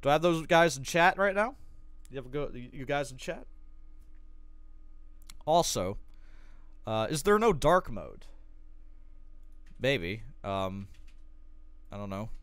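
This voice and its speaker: A man's voice: mid-range voice, big pitch swings, slow pace, pauses often, a bit bright, clean tone, no room sound. A man streaming a game, casually reading a guide aloud with sarcastic joking asides. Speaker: gaming streamer.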